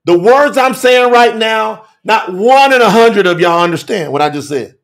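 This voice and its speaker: High, gravelly fiery preacher man. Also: expressive, moderate pace. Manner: emphatic, repetitive, swings from shouting to hushed. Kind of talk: fiery telethon sermon.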